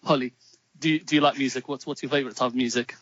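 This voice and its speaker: A man's voice: medium pitch, steady tone, racing, fairly bright tone, no echo. A man co-hosting a casual podcast, asking questions in a teasing, playful way. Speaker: podcast co-host. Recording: dull lo-fi sound.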